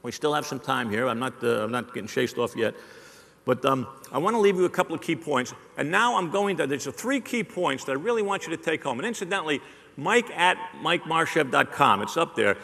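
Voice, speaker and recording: A man's voice: fairly high pitch, lively intonation, a little fast, creaky, sharp tone. A man giving a live keynote on sales to a conference audience, joking and teasing the crowd with punchy repetition. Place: large hall on stage. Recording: long hall reverb.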